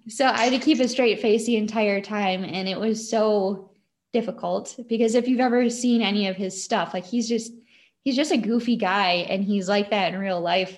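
A young woman with a Wisconsin accent, telling a story as a guest in a casual, chatty way with lots of fillers and giggles. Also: mid-range voice.

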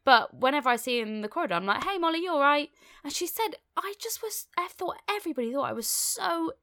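A young woman co-hosting a casual podcast chat, a self-mocking, animated storyteller who swears freely. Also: sits high, fast. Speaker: podcast co-host.

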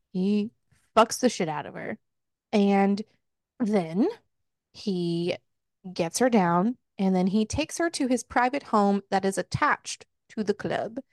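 A woman's voice: mid-range voice, no echo, studio quality. A woman hosting a casual book club podcast, laughing and candidly retelling scenes with quoted lines. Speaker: podcast host recapping a book.

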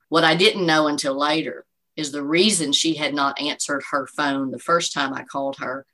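Interviewed as a guest, a bereaved woman in her forties shares an earnest, faith-driven testimony, sprinkling in "you know" often. Her deep voice sounds bright and forceful, fairly quick with fairly even intonation, captured on a rough recording.

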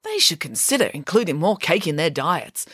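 A woman voicing a blunt, indignant female pig squire who loves cake, in a high exclaiming voice. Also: big pitch swings, moderate pace, fairly bright tone, slightly rough, dry recording, studio quality, exaggerated voice. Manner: high, exclaiming, matter-of-fact.

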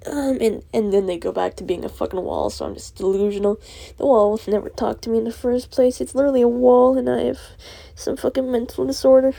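A woman's voice: fairly high pitch, expressive, brisk, creaky, warm tone. Young woman ranting on her own podcast, swears a lot, rambles, laughs mid-rant, voice jumps all over. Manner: profane, rambling, laughing through angry venting. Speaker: podcast host. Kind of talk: casual solo podcast rant.

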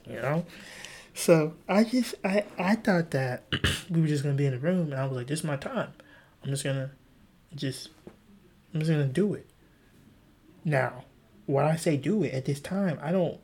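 A young man hosting a casual solo podcast, rambling through stories with swearing and voicing his past self in sudden high pitches. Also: a bit bright, slightly rough. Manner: rambling, swearing, voice jumps high when acting out his own past lines. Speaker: podcast host.

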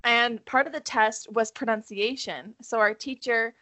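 A young woman telling a school story in a relaxed, casual way, with plenty of fillers. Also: a little high, a little slow, no echo. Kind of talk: casual podcast chat.

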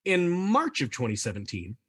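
A man's voice: medium pitch, wildly swooping pitch, normal speed, fairly bright tone, breathy edge. A man hosting a comedy podcast who reads researched facts aloud and laughs easily. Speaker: podcast host presenting the story.

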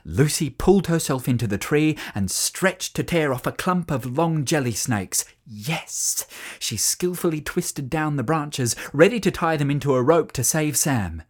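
A storyteller reading a children's story aloud in an expressive, animated way. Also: mid-range voice, normal speed, few pauses.

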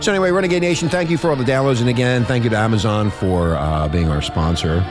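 A man's voice: medium pitch, fast talker, music in the background. Crude, swearing male podcast host. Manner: crude, swears often, laughs a lot. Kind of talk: casual podcast chat and news reading.

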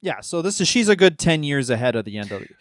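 A man's voice: fairly high pitch, sing-song, fast talker, no echo. A man co-hosting a comedy podcast, throwing in dry, laid-back remarks. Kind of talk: comedic casual chat.

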